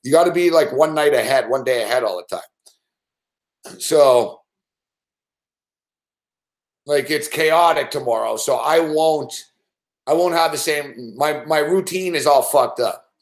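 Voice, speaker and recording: A man's voice: a little high, measured pace, long pauses. A man hosting a late-night sports betting show, ranting casually and swearing constantly as he rambles. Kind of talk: late-night live stream rant.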